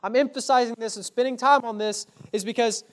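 A man's voice: very high voice, fairly even intonation, brisk, a bit bright. Man preaching an earnest sermon. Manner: earnest, emphatic preaching with rhetorical questions; addresses the congregation directly and casually. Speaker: pastor. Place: church.

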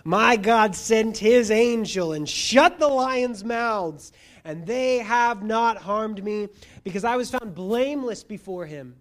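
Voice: mid-range voice, animated, slow. Solemn man answering a king , read by a preacher.

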